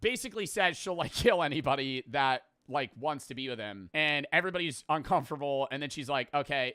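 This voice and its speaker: Young guy, bright crisp voice, rambling profane movie recap. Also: mid-range voice, fast talker, hardly any pauses, no echo, clean studio sound. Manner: rambling, profane, laughs at the story. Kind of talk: casual movie plot recap.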